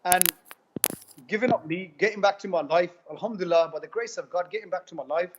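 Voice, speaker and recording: A man tells his story in a quick, high voice, piling up retold dialogue with "I go" again and again. The recording sounds muffled and lo-fi. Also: noisy background. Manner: rapid, repetitive retelling with many "I go" quotes. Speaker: guest giving a testimonial. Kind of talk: animated personal storytelling. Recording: dull lo-fi recording.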